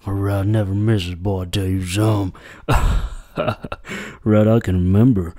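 A man's voice: low voice, fairly even intonation, measured pace, mellow, no echo, studio quality. A man hosting a comedy reaction video, mock-dramatic and self-mocking, swearing freely. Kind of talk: jokey reaction commentary.

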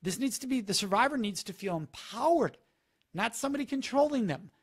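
A man's voice: very high voice, expressive, fairly quick, husky. A man on a live stream giving earnest, instructive advice and repeating the key words for emphasis. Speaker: speaker on preventing sexual assault, talking to a live audience.

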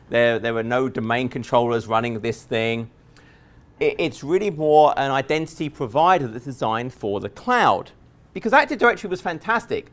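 In front of a live audience, an Englishman with an English accent gives a technical conference presentation in a mid-range voice. His manner is easygoing and humorous, punctuated by frequent fillers and restarts.

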